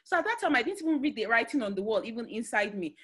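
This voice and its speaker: A woman with a Nigerian accent giving a motivational talk, telling stories in an animated way with many fillers and restarts. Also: a little high, quick pace, husky. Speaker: guest speaker.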